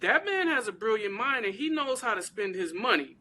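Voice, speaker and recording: Bright, emphatic woman in casual chat. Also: on the high side, brisk. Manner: animated, emphatic, informal slang. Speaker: guest, celebrity crafter.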